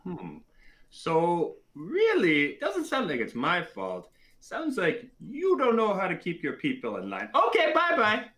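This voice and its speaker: High, bright teasing male player. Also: huge pitch swings, a little slow, a little hiss or hum. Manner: teasing, questioning. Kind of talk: casual tabletop role-play.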